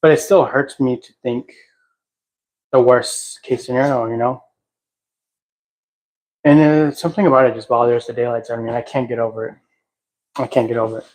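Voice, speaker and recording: A man hosting a casual livestream at home, talking in a reflective, halting way and sometimes singing softly. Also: mid-range voice, fairly even intonation, poor audio. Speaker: livestream host. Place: at home, cleaning a house.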